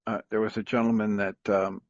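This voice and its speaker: A man's voice: fairly low pitch, little pitch movement, brisk, no echo. A man casually telling a long story on a talk radio show, rambling with many fillers and chuckles. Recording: dry, dull lo-fi radio sound.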